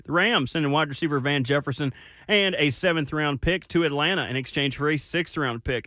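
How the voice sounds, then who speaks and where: A man reading a scripted sports news update on the radio in a brisk, announcer-like way. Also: a little high, bright, forceful tone, no room sound, studio quality. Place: radio studio.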